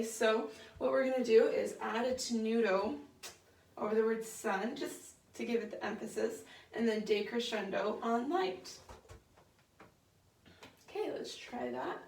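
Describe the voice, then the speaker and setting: This young woman's voice is a little high, a bit mellow and creaky as she leads a women's choir in rehearsal. As their director, she explains singing technique patiently and encouragingly, though with many fillers. She's recorded from a distance in an echoey room.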